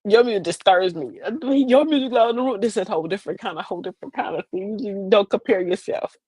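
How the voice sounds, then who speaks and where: A woman's voice: medium pitch, fast, mellow, husky, no room sound. A woman, hosting a streamed show in a sassy, rambling comedic monologue. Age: 50s. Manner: chatty, sassy, rambling with repeated phrases.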